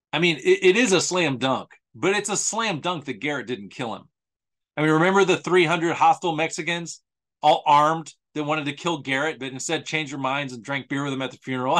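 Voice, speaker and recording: Sarcastic man with a slightly high voice. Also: lively intonation, fairly quick, fairly bright tone. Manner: sarcastic, incredulous, mocking. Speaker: host. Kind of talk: podcast monologue on history.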